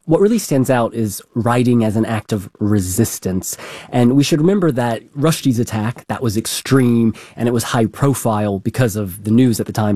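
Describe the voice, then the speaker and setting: Mellow low-voiced man, thoughtful radio guest. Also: no room sound, studio quality. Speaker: radio arts contributor. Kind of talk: radio discussion.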